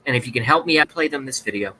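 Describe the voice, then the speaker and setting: A man's voice: medium pitch, lively intonation, very fast, bright, forceful tone, low-quality recording. A man hosting a livestream, speaking in a sarcastic, mock-dramatic rant to his viewers. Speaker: livestream host.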